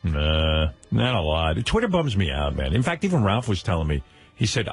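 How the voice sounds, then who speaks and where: A male radio host who talks brashly and teases his guests with quick jokes. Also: low-pitched, wildly swooping pitch, husky, soft background music. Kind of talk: studio radio banter.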